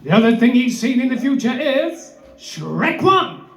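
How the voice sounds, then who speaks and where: On stage at an indoor brewery venue, a male comic singer and storyteller with a high, slightly bright voice spins a live comedy tale that pulls in the audience. He talks a little slowly with big pitch swings, bellowing theatrical asides to the crowd. The roomy live recording has a little hiss or hum.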